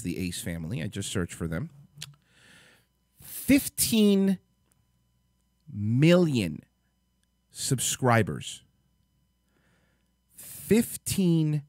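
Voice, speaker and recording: A man hosting a live stream, reacting to videos in an angry, profane rant and reading web text aloud in a low mutter. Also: dry recording, clean studio sound. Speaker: livestream host.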